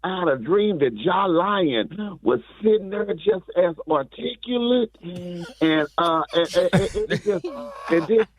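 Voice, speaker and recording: A man's voice: sits high, animated. A man calling in to a morning radio show, rambling and preachy, humming as he talks. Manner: rambling, preachy, drawn-out hums. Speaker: caller, comedian filling in. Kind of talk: comic phone bit. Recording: dry tinny phone line.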